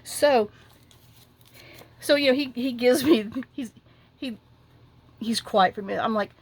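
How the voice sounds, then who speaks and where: A middle-aged woman, chatting casually as she crafts at her desk at home and rambling through a lively story with lots of asides. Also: fairly high pitch, a little slow, husky. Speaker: crafting vlogger.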